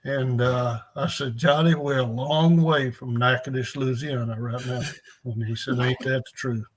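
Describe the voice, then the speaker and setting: A man's voice: mid-range voice, steady tone, moderate pace. An older man, a strength coach telling rambling, folksy stories in an interview. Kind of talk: storytelling in an interview.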